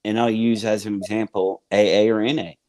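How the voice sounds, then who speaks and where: A man's voice: fairly low pitch, little pitch movement, brisk, a little mellow. A man with a Southern US accent telling his recovery story casually, rambling with lots of fillers like "man". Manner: rambling, filler-heavy, says "man" and "y'all". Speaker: guest sharing recovery story.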